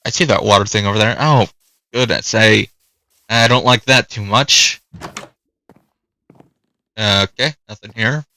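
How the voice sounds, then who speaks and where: A man's voice: fairly low pitch, measured pace, pauses often, bright, forceful tone. A man giving casual gameplay commentary, chatting away and talking to the animals in his game. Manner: chatty, talks to the game's animals. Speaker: gaming youtuber.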